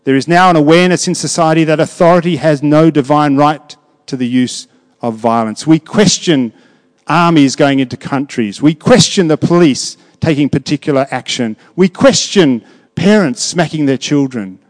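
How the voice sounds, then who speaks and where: A man preaching a sermon, moving between hushed reflection and raised, emphatic delivery, often putting questions to his congregation. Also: a little high, moderate pace. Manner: conversational, asks the congregation questions. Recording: long reverb of a large hall.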